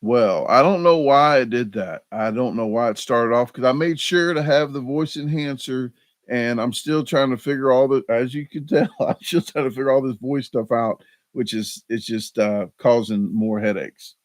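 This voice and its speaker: A man's voice: mid-range voice, normal speed, no echo. Rambling, self-mocking male streamer. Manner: rambling, self-deprecating, frequent fillers and restarts. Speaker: live stream host. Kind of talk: casual live chat.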